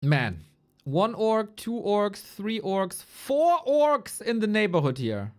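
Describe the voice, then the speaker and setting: A woman's voice: mid-range voice, sing-song, slow pace, a little mellow. A woman esports caster chatting casually on a live stream, loose and playful, swearing and chuckling as she goes through rankings.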